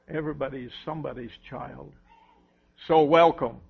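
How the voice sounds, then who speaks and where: A man giving a children's sermon, telling a story gently to the children. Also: medium pitch, steady tone, normal speed, gravelly, breathy edge. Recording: dull lo-fi recording.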